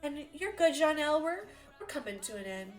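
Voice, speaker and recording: A young woman streaming live, chatting loosely with her viewers and breaking into giggles. Her voice sits high and light, with faint music under it. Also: sing-song, a little fast. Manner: giggly, chatty, reads chat aloud. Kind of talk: casual live-stream chat.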